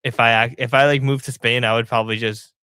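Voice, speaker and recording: A man co-hosting a casual sports podcast, talking in a relaxed, rambling way with frequent restarts. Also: mid-range voice, quick pace, clear, resonant tone, no echo. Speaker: podcast co-host.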